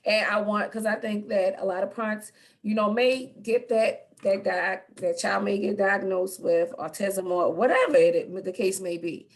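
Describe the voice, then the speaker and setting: Woman host, supportive, keeps saying yeah, mid-pitch voice. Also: moderate pace. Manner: supportive, frequent affirmations. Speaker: interviewer, host. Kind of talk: casual conversational interview.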